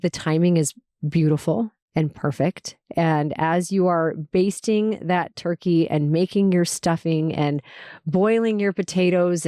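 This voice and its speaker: A woman hosting a podcast, introducing this week's episode in a relaxed, affectionate way with frequent ums. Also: lowish voice, dry recording, studio quality. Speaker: podcast host.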